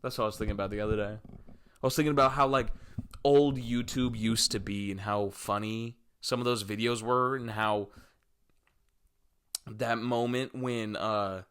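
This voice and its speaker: A man's voice: fairly low pitch, fairly even intonation, moderate pace, a bit bright, smooth. A man in his twenties hosting a solo podcast, talking casually in a rambling, jokey way and swearing freely as he drifts between topics. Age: 20s. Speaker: podcast host.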